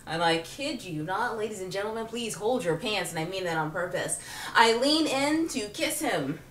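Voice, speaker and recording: A sassy woman spins a comic personal story, her bright voice leaping up and down as she acts out every exchange. She sits well back from the mic in a roomy, echoing space. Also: mid-range voice, moderate pace, distant mic. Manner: animated, sassy, laughs often, acts out quotes. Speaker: vlogger.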